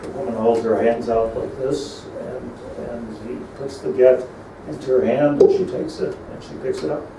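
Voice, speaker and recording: A man's voice: mid-range voice, normal speed, gravelly, few pauses, warm tone, a little hiss or hum. A middle-aged man, a rabbi, giving a storytelling sermon that mixes Hebrew terms into English and builds to emphatic peaks. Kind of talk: sermon on lamentations. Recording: echoey room, mic at a distance, faint ambience.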